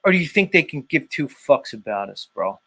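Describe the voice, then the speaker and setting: In a fairly high, husky voice with big pitch swings, this livestream host talks briskly and sharply, chatting loosely with guests and his chat and swearing freely.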